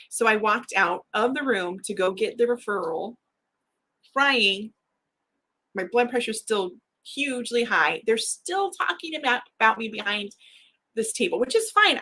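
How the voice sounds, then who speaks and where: A woman with a bright, sharp tone and a husky, breathy edge talks candidly to her livestream audience. She tells a personal story openly and with feeling, often breaking into laughter. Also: medium pitch. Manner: frank and emotional, laughs often. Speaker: writer hosting a livestream.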